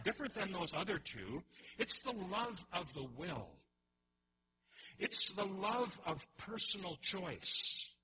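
A man preaching a sermon in an animated way, often restarting his phrases and acting out the voices he quotes. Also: a little high, slight background noise, low-quality recording. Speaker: pastor.

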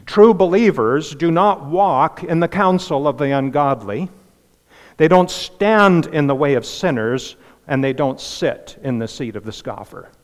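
A male pastor preaching a sermon in a conversational way, with asides and restarts. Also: medium pitch. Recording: long hall reverb.

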